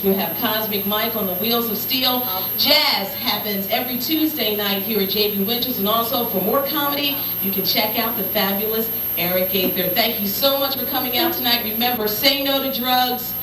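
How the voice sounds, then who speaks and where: A woman's voice: on the high side, moderate pace, background noise. A woman hosting a comedy night, wrapping up with thanks and announcements for the rest of the evening. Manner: upbeat emcee wrap-up. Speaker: event host. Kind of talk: closing announcements. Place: comedy club. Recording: echoey club from far off with crowd.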